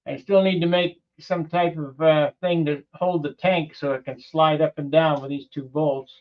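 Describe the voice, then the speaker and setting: A man with a slightly high voice rambles through a casual workshop vlog, plainspoken and full of loose asides. The recording sounds dull and lo-fi, with the top end rolled off. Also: steady tone, normal speed. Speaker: model airplane builder and channel host.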